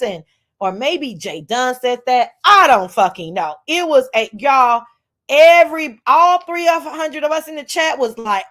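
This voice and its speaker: A woman hosting a casual chat show, loud and profane, acting out the people she quotes. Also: sits high, a little slow. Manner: loud, profane and animated, acts out quoted voices. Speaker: host.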